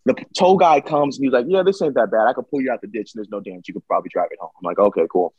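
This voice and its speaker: A man telling a story in casual chat, dramatic and animated, acting out what people said. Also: medium pitch, racing, slightly rough, no room sound, muffled recording. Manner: animated, dramatic retelling with acted-out quotes. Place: Michigan.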